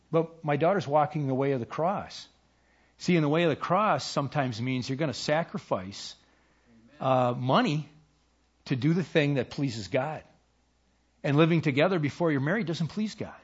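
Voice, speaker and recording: A man's voice: mid-range voice, lively intonation, moderate pace, slightly rough, dull audio. A middle-aged man preaching a conversational sermon, speaking casually with frequent fillers and acting out quoted lines. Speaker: pastor.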